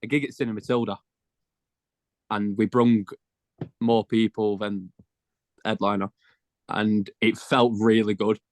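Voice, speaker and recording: A man's voice: on the low side, level tone, measured pace, pauses often, no echo. A teenage man, a band member telling stories in slangy, casual chat. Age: teens. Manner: chatty storyteller, slangy.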